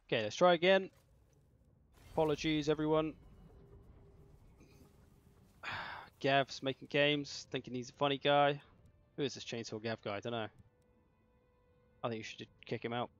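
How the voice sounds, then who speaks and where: A man's voice: medium pitch, fairly even intonation, moderate pace, pauses often. A man from the south of England, chatting and joking casually while hosting a game tournament on a livestream. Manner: joking, chatty, self-mocking. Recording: slightly dull lo-fi mic, faint music.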